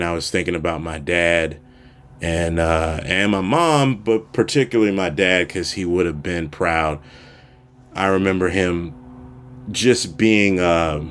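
A man's voice: sits low, clear, resonant tone. A man from Maryland hosting his own podcast, telling a loose personal story at home with many fillers and restarts. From Prince George's County, Maryland. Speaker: podcast host. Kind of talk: casual solo storytelling. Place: home room.

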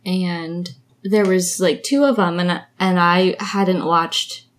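Slow and on the low side, her voice keeps fairly even intonation. She's a young podcast co-host in a casual chat, a storyteller who laughs frequently.

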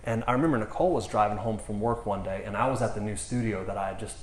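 A man ministering to a congregation, telling a testimony story in an animated way and acting out the quotes. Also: on the low side, fast, echoey room, a little hiss or hum. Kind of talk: storytelling sermon.

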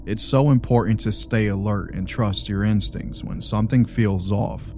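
A man reading a first-person story aloud as scripted narration, in a steady, measured way. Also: lowish voice, music in the background.

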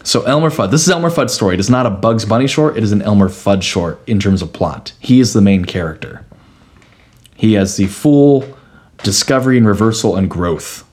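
Man, lowish voice, podcast co-host, casual chat, analytical and playful. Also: expressive, fairly quick, a little mellow. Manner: analytical, playful, talks through ideas at length.

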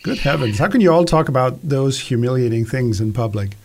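A prim, disdainful man who frowns on mess and bad manners, as a man reads him in a script read-through. His voice sits at an ordinary middle pitch. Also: lively intonation, a little fast, darkish tone. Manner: prissy, disapproving.

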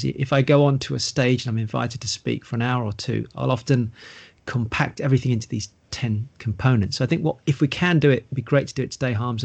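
A man's voice: medium pitch, vocal fry. A middle-aged man, explaining investing and property in a casual podcast conversation, running through long lists. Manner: explanatory, long listing run-ons.

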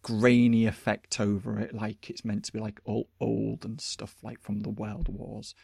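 A man, chatting casually as a podcast host, rambling and animated with lots of fillers. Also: lowish voice, unhurried, vocal fry, slightly rough, no room sound, clean studio sound. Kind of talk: casual chat.

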